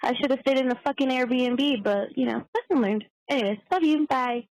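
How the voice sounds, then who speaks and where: A woman's voice: sits high, normal speed, a little mellow, no room sound, poor audio. A young woman leaving a chatty, swearing voicemail story as a caller.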